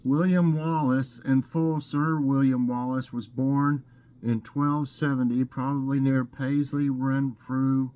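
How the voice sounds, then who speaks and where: A man hosting a casual vlog, reading trivia questions aloud and thinking out loud with fillers. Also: medium pitch. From Scotland. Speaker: vlog host.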